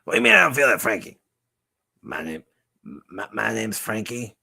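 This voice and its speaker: Man doing a small swaggering crocodile puppet, bright husky voice, slangy and cocky. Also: fairly low pitch, wildly swooping pitch, moderate pace, full character voice. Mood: indignant. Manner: swaggering slangy tough-guy talk. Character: cocky little male crocodile puppet, jokey. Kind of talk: puppet voice in a craft vlog.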